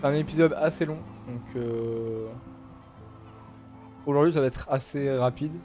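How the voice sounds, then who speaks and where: A man's voice: mid-range voice, normal speed, darkish tone. A man hosting a let's play, talking in a casual, joking way into a USB studio mic. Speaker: gaming channel host. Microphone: USB studio microphone. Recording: game music playing behind.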